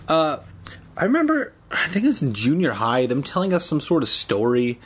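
A man's voice: fairly high pitch, huge pitch swings, normal speed, fairly bright tone, breathy edge. A young man from San Diego, reading a book aloud with irreverent, rambling jokes. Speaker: reader. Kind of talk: comedic book reading with asides.

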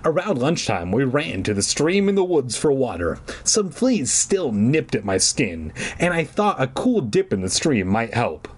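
A man's voice: medium pitch, sing-song, a little slow, few pauses, husky. A man reading a children's story aloud with irreverent, joking asides. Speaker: reader.

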